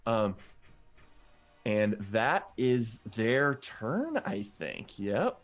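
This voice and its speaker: A man narrating as game master of a tabletop game, giving calm, measured rulings with frequent fillers. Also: medium pitch, soft background music.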